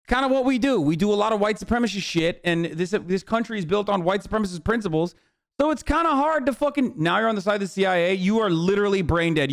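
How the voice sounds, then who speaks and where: A man streaming a reaction to a documentary, ranting in a heated, profane, sarcastic way. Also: high voice. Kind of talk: casual reaction commentary.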